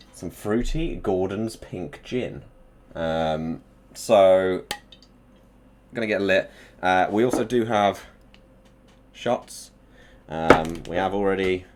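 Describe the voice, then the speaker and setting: A young man hosting a casual live stream, excitable and swearing as he hypes up his chat before an interview. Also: lowish voice, a little hiss or hum.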